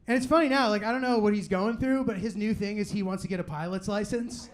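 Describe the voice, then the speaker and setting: A young man with a noticeably high-pitched voice works through a live stand-up set. He talks loosely, rambling through "like" and "you know what I mean," and slips into quick quoted asides from friends and family. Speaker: stand-up comedian. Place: live comedy venue with audience.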